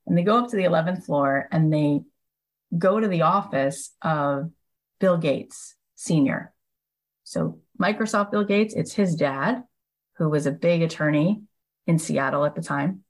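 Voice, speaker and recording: A woman hosting a podcast, retelling an anecdote in a casual, animated way and often filling gaps with "like". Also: low-pitched, measured pace, poor audio. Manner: animated retelling, frequent "like" fillers. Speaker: podcast host and coach. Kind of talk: casual storytelling monologue.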